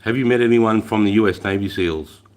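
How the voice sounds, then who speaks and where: A man's voice: on the low side, fairly quick. A middle-aged Australian man telling war stories on a livestream, swearing often and laughing as he goes. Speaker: livestream host, army veteran. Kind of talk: casual storytelling on a livestream.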